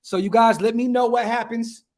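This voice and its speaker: A man hosting a casual livestream podcast outdoors at home, talking in hyped slang and giving shout-outs to viewers. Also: very high voice, steady tone, moderate pace. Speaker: podcast host.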